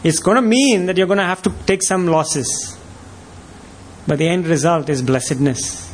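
A man preaches with a high voice for a man. He is emphatic and keeps firing rhetorical questions at his listeners. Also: moderate pace, slight background noise. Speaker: pastor. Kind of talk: sermon.

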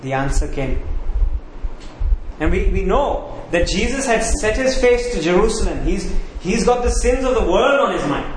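A man's voice: high voice, very animated, normal speed. A man preaching a sermon, asking rhetorical questions and repeating key words for emphasis. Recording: echoey room, faint background noise.

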